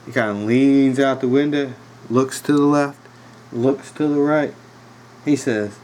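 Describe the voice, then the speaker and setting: With a medium-pitched, slightly mellow voice, fairly even intonation, and a measured pace, a man in his thirties from Virginia rambles through a podcast story. He's laid-back, full of fillers and laughs. The rough recording comes from a home room with a dog nearby.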